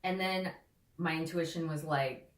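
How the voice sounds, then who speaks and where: In an echoey room, a female guest discusses holistic healing during a casual conversational interview. Her voice is low and a little slow, and she rambles loosely, packing her speech with "like" and "you know."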